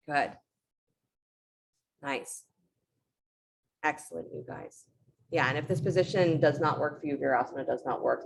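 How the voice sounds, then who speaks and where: A woman leads a yoga class in a low voice with a gravelly edge. She gives calm, encouraging short cues. She also slips into reflective storytelling about letting go. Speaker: yoga teacher. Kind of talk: guided yoga class instruction.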